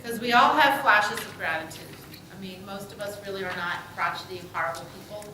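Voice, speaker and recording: A woman's voice: mid-range voice, fairly quick, crowd noise. A woman rabbi leading a group discussion, affirming people's answers and joking lightly. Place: synagogue meeting room. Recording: echoey room picked up from far off.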